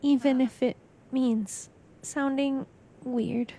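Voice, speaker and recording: Woman doing a soft, shy monster boy prince. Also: high voice, fairly even intonation, slow, voice pushed up, heavily acted. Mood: earnest. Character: gentle shy goat-like boy prince, earnest.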